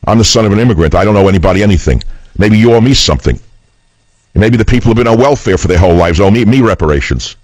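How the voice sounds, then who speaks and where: A man's voice: on the low side, lively intonation, fast talker, a little mellow, dry recording, rough recording. A man hosting political talk radio, speaking in a combative, scornful and emphatic way.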